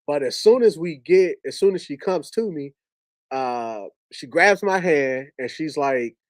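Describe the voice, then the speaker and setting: Man, slightly higher voice, dry close sound, emotional storytelling, repeats himself. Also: lively intonation, unhurried, dry recording. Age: adult with a wife and two young kids. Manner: emotional, repetitive, with many restarts. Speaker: speaker sharing a personal grief story. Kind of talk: heartfelt storytelling to an audience.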